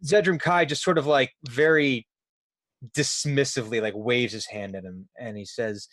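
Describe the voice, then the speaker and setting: A man narrating a tabletop game as game master, chatty and halting, laughing often. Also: mid-range voice, fairly even intonation, a bit bright, no room sound.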